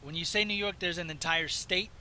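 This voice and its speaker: A man from the Southwest United States, chatting casually and meandering as he plays a driving game, his voice slightly hoarse. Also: sits high, steady tone, brisk, sharp tone, slight background noise, poor audio. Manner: chatty, meandering, self-interrupting. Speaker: gaming video host. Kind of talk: casual rambling commentary while playing.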